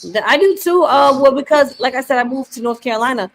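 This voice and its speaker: Chatty fast-talking woman host. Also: high-pitched, expressive, background noise. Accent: mixed Southern and New York. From Buffalo, New York. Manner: chatty, loose rambling with many "you know what I mean". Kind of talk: casual chat.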